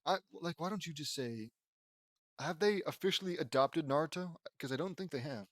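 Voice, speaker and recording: A man's voice: fairly high pitch, lively intonation, moderate pace, no room sound. Rambling man reading fan fiction, dry. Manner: rambling, self-mocking commentary with laughs. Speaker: fan fiction audiobook reader.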